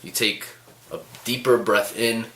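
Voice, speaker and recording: A man who tells stories to the camera casually, with animated, sarcastic asides. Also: on the low side, a little slow. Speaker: vlogger. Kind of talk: casual storytelling. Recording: echoey room.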